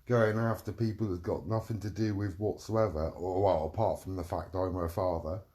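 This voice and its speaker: A man's voice: low voice, steady tone, moderate pace, mellow. A middle-aged man delivering a heated, profane rant, repeating himself as he vents. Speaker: vlogger. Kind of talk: angry ranting monologue.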